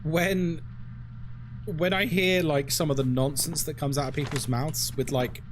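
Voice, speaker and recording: A man's voice: on the high side, fairly even intonation, a little slow, a little hiss or hum. A man streaming a horror game, chatting casually to viewers and ranting with frequent swearing and laughter. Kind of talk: casual live-stream commentary.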